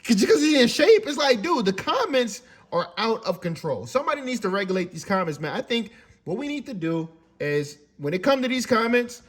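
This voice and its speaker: Man ranting in a high voice, animated, swearing, stumbling over repeated words; casual monologue. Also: fairly quick. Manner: animated, profane, repetitive ranting with stammered restarts. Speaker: commentator.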